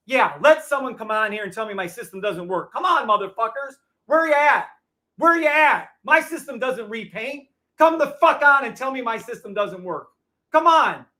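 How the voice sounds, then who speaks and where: A man hosting a live trading show, ranting in a loud, profane, combative way to his viewers. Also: extremely high pitch. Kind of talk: heated livestream rant.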